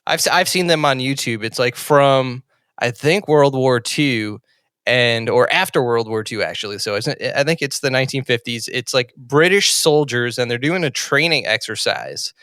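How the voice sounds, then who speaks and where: A man with a bright, crisp voice co-hosts a podcast in loose casual chat. He rambles through stories with many filler words, and the recording is close and dry. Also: medium pitch, normal speed, no room sound. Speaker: podcast co-host.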